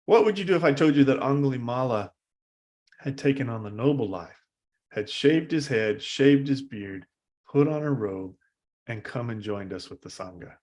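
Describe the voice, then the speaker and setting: A man voicing a calm, serene male spiritual teacher, speaking slowly, quietly and in a measured way. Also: mid-range voice, close to an everyday voice. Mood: gently questioning.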